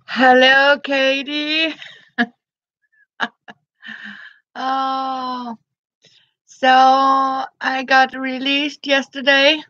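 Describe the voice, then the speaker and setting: A woman, chatting gently on a live stream and greeting her viewers by name. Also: high-pitched, level tone, extremely slow, long pauses, no room sound, highs cut off. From Denmark. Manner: greets viewers by name between thoughts, gentle, frequent soft laughs. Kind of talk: casual live-stream chat.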